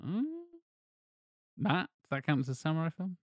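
A man's voice: a little high, normal speed, no room sound. A man hosting a casual podcast, joking with his co-hosts and reading out supporter names. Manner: jokey, reads out supporter names. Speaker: podcast host.

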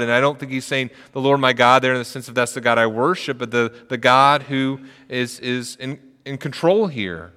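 Bright-voiced male pastor preaching in a hall. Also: medium pitch, steady tone, moderate pace, hardly any pauses. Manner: retells the story with acted quotes. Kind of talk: sermon.

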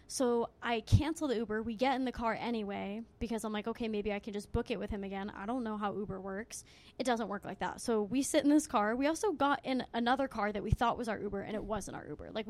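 A woman's voice: a little high, fast talker. Young woman telling a story, swearing a lot. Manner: animated storytelling, lots of swearing and "like". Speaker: co-host. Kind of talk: casual chat.

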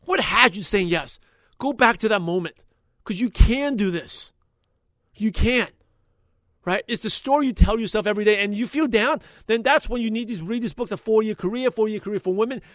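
A man hosting a podcast, recapping an episode in an energetic, motivational way and talking fast when passionate. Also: sits high, no echo, studio quality. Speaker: podcast host.

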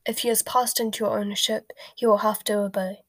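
A woman voicing a calm, polite elderly male wizard in a soft whispered role-play storybook reading. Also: medium pitch, no room sound, close to an everyday voice. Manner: polite and unhurried.

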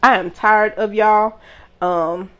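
A woman hosting a casual chat, talking in an animated, emphatic way and laughing often as she tells stories and reads out shout-outs. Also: medium pitch, takes it slowly, muffled recording. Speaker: podcast host.

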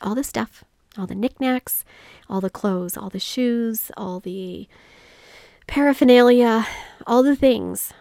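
Woman, solo podcast host; earnest reflective storyteller, gravelly texture, dry close mic. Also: mid-range voice, darkish tone, no room sound. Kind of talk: solo motivational podcast talk.

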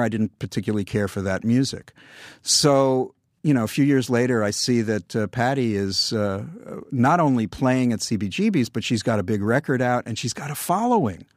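Older man, low-ish voice, wry storyteller, dry close sound. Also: no echo. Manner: wry, anecdotal, dry humor. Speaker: guest. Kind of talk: conversational interview storytelling.

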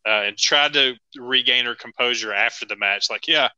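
A man's voice: medium pitch, moderate pace, bright, forceful tone, clear, resonant tone, no room sound, lo-fi sound. A man co-hosting a wrestling podcast, chatting casually, laughing often and recapping matches move by move. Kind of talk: casual chat.

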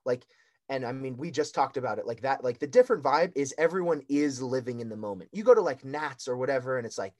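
A young man, a competitive athlete and guest, chatting casually, telling stories excitedly with frequent laughs. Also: medium pitch, quick pace. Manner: excitable storyteller who laughs often. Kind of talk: casual chat.

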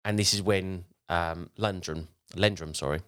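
Man, very deep voice, casual storyteller, rambling, frequent restarts, podcast host. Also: steady tone, normal speed, a bit bright, clean tone. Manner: rambling, with frequent restarts while retelling a tale.

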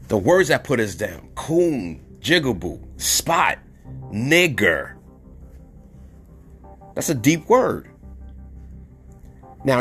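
A podcast host from New York City delivers an opinionated monologue in a somewhat high, slightly rough voice. He is blunt and repeats words for emphasis.

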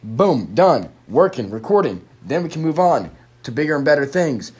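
A man's voice: on the high side, sing-song, brisk, breathy edge. Swearing, frustrated young man ranting. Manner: swears constantly, rambling, frustrated. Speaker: podcaster. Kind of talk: frustrated solo podcast rant. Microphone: phone microphone.

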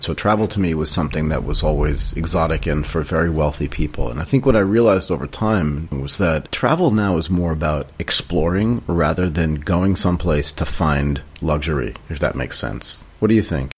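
A man co-hosting a podcast with a very deep, husky voice. He chats with his guest in a relaxed way, and his pitch moves widely as he talks. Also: a little fast. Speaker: podcast co-host. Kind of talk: casual interview chat.

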